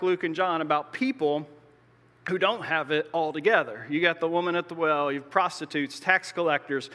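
A man's voice: high-pitched, sharp tone. A man pastor preaching a sermon in a conversational, explanatory way, with joking asides. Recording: long reverb of a large hall.

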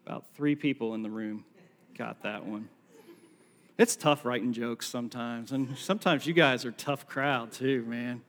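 A man's voice: mid-range voice, normal speed, fairly bright tone. A man preaching a sermon to a congregation, telling the story with acted-out lines and jokey asides. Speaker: pastor. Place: large hall with a live congregation. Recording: long hall reverb.

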